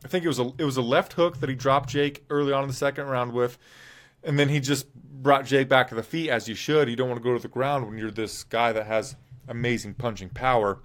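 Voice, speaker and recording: A man's voice: mid-range voice, steady tone, a little fast. A man with a mid-range voice hosting a casual fight recap show. He talks in a loose, rambling, opinionated way and stops now and then to correct himself. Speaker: MMA show host.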